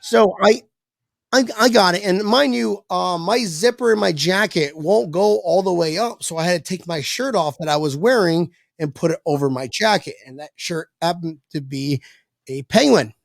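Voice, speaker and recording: A man telling a long anecdote as a podcast guest, lively and profane, acting out the voices of people in it. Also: sits high, moderate pace, creaky, no room sound. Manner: animated, swearing, acts out quoted voices. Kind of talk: casual storytelling on a podcast.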